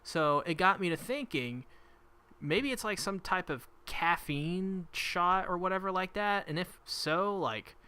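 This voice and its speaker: A man's voice: sits high, animated, unhurried, pushed and bright, clean tone. A man who is a guest on a podcast, chatting casually and curiously asking questions. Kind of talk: casual chat.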